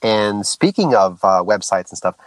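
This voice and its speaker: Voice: deep voice, animated, normal speed, no room sound, rough recording. A podcast host asking questions and thanking the guest in a friendly, encouraging way. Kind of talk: podcast interview.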